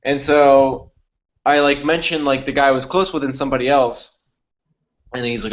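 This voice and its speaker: A man's voice: medium pitch, fairly quick, dull audio. A young man co-hosting a podcast, telling a long story in casual chat, acting out quotes and swearing freely. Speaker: podcast co-host.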